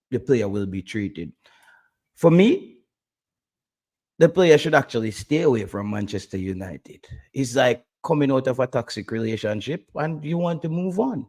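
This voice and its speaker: A man talking football in a casual chat, animated and quick to repeat himself when he starts a point. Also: medium pitch. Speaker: podcast co-host.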